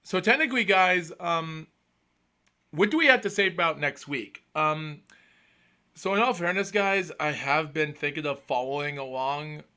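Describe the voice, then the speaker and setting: A man's voice: a little high, bright, forceful tone. A man hosting a casual boxing podcast, rambling with restarts and fillers, exasperated when his camera freezes. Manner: exasperated, calls out hello over and over. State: catching his breath. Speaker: podcast host.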